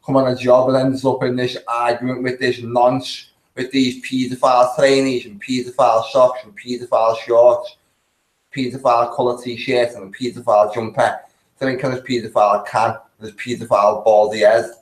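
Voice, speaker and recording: A man's voice: medium pitch, level tone, moderate pace, reverberant, poor audio. A man giving casual, blunt, sweary commentary while reacting to video clips, laughing often.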